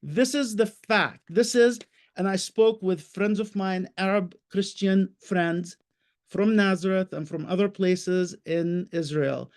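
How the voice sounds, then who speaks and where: A man's voice: sits high, slow pace. A man speaking as a guest on an online panel, passionate and emphatic, talking in short bursts and repeating words for stress.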